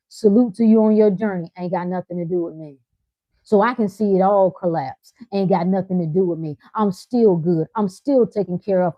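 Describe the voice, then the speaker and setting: A woman's voice: medium pitch, dry recording, highs cut off. A woman hosting a spiritual livestream, talking in an emphatic, preacherly, colloquial way and repeating her lines for effect. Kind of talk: motivational livestream talk.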